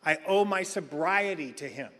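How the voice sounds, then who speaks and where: Animated high-voiced man telling comic stories. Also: normal speed. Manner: animated comic storyteller, acts out quotes. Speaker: recovery meeting speaker. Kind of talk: comic recovery share at a meeting. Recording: reverberant hall sound.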